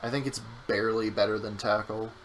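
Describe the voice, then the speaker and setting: A man's voice: on the low side, fairly even intonation, brisk, fairly bright tone, a little hiss or hum, rough recording. A man streaming a game with his partner, chatting casually and joking around, sometimes breaking into silly voices. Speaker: co-host playing a game on stream. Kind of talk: casual gameplay chat.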